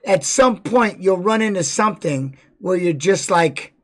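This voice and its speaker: A man's voice: high-pitched, animated, measured pace. A man giving casual live-stream commentary on fight videos, blunt and profane, repeating words for emphasis.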